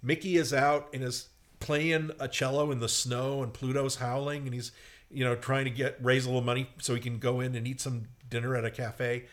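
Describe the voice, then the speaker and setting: A man in casual conversation, telling old cartoon plots with lively energy. His voice sits at an ordinary middle pitch. He breaks into squeaky little character voices now and then. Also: brisk. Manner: animated storyteller, acts out squeaky cartoon voices in quotes. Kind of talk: casual chat.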